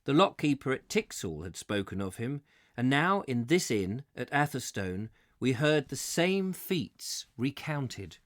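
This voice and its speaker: A man's voice: medium pitch, sing-song, unhurried, no echo, clean studio sound. A man hosting a live book reading, reading steadily and breaking off for chatty, amused asides and self-corrections. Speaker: host reading a book aloud.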